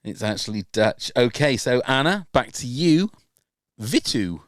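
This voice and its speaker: A man's voice: mid-range voice, sing-song, no echo. Guy hosting a podcast quiz, bouncy voice, dry close sound, teasing and giggly. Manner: teasing, spells words out slowly, laughs often. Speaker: podcast host running a quiz. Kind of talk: casual quiz banter.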